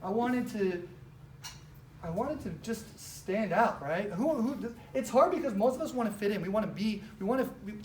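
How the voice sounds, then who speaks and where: A woman giving an animated, casual storytelling talk with lots of fillers, speaking as a presenter at a business training. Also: medium pitch, normal speed. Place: event room with a live audience. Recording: roomy, distant mic, faint background noise.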